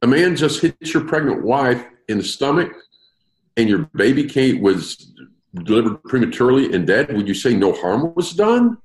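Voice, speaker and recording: A man's voice: medium pitch, moderate pace, roomy sound, low-quality recording. A man leading an interactive Bible study, explaining verses and putting questions to his group. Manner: lively, asks the group questions. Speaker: Bible teacher.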